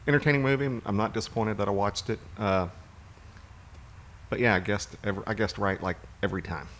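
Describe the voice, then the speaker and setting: A man co-hosts a casual talk show, rambling through movie recaps with lots of fillers, and he's hiccuping as he goes. His voice is lowish and a bit bright, with a steady tone and a quick pace. There's a little hiss or hum in the recording.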